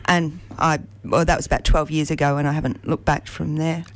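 A woman's voice: low voice, little pitch movement, brisk. A woman, a teacher and community theatre actor, talking in a friendly way in a casual interview.

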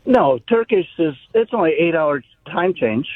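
A man calling in to a radio show, chatty and wry with a fairly high voice. He comes through a thin, tinny phone line with a dry, close sound. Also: lively intonation, normal speed, no echo. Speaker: caller. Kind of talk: call-in radio chat.

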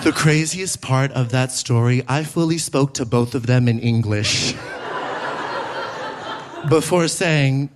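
A young man performing an animated stand-up set on a theater stage, slipping into high character voices. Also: slow pace, pauses often. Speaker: stand-up comedian. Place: theater stage before a live audience. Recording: live theater with audible noise.

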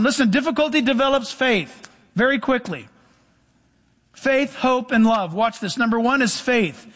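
A middle-aged male pastor preaching a sermon, animated, with sudden drops to soft, low asides.

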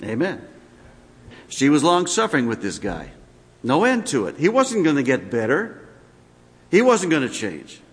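Lively high-voiced pastor, echoing hall. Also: male voice, normal speed. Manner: animated preaching with sudden drops to quiet asides. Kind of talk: sermon. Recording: long hall reverb.

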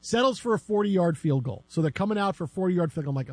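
Hosting sports radio from a studio, a man tells a story with lots of energy, acting out the people in it, including shouting fans. His husky voice sits high and moves quickly with few pauses, captured on a studio microphone with no echo.

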